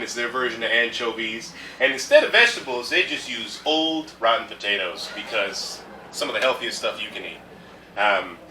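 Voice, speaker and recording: A man's voice: medium pitch, pushed and bright. A man performing improv comedy, delivering a rambling rant. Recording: echoey room from far off, faint noise.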